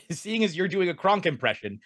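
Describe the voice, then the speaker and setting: Animated male game master, dry close mic. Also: sits high, moderate pace, no room sound. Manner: animated, rambling narration with fillers and restarts. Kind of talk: narrating a tabletop game.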